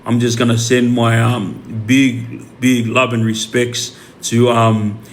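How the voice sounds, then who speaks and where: A man's voice: medium pitch, level tone, takes it slowly, slight background noise. Australian man rambling on a livestream. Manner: rambling, many fillers and repeats. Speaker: livestream host. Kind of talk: casual livestream talk.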